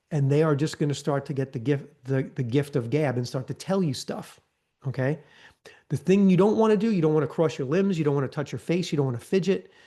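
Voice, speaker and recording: Guy running a zoom training, kinda high voice but mellow, keeps asking "okay? right?". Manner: coaching, conversational, frequent "okay?" and "right?". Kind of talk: live online training talk. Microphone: video call.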